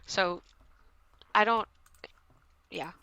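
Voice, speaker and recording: A woman's voice: mid-range voice, drawn-out words, gravelly, pushed and bright, smooth, muffled recording. A young woman co-hosting a podcast, casually recapping an episode in a rambling way, a little tipsy. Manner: rambling, trails off into mumbles. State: slightly tipsy. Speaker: podcast co-host.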